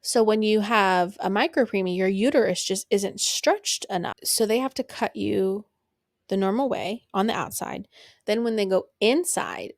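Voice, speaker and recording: A young woman hosts her own podcast and talks through a personal story in a loose, unfiltered way. She is blunt and swears freely. Her voice has a gravelly fry in mid pitch, recorded dry and close. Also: no echo. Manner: blunt and profane, laughs while telling. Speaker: podcast host.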